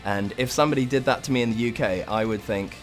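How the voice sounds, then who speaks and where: A man's voice: medium pitch, fast, soft background music. A young British man in a rock band, telling a road-trip anecdote casually and laughing often. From United Kingdom. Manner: animated storyteller, laughs often. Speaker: band member.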